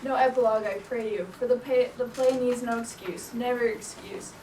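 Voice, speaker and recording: Higher-pitched woman reciting stage verse. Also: fairly even intonation, normal speed, warm tone. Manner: reciting with slips and restarts. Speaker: stage actor as Duke Theseus. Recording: echoey room, distant mic, noisy.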